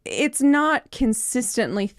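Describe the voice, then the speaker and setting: A woman's voice: high voice, expressive, takes it slowly, no echo. Chatty woman host, rambling delivery with lots of "um" and "like", dry close mic. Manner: chatty, rambling, with many fillers and laughs. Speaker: podcast host. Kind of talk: casual chat.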